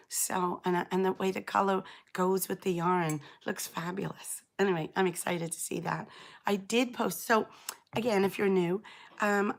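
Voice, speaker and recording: Greeting viewers by name, a middle-aged Englishwoman chats and rambles through a live knitting stream, her voice hoarse and croaky after illness. Her pitch is mid-range.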